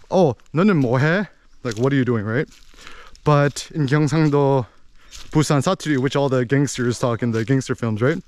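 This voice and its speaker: A man's voice: medium pitch, clear, resonant tone. A young man talking casually and playfully, with many fillers, explaining dialect bias. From United States.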